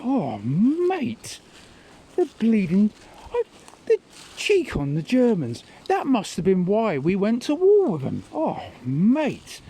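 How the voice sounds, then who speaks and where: A man's voice: high-pitched, dark tone, slightly rough, voice pushed up, full character voice. A man doing a baffled, grumbling older bloke. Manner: exclaiming, repetitive, incredulous.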